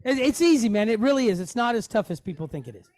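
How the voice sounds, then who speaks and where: A man's voice: very high-pitched, sing-song, fast, darkish tone, no room sound. Casual, easygoing male Hebrew teacher. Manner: conversational, checks in often with "okay?" and "you know". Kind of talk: casual teaching, explaining on screen.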